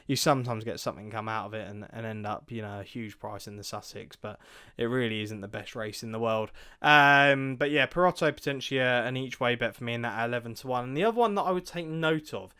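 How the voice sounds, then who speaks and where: A man's voice: medium pitch, quick pace, bright, forceful tone, smooth. A man co-hosting a racing tips show, talking casually with frequent ums and restarts. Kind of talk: casual chat.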